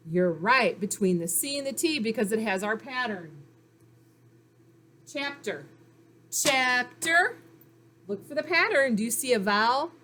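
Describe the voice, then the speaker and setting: A woman teacher giving a slow, clear phonics lesson to young children, pausing for their answers and praising them. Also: on the high side, sharp tone.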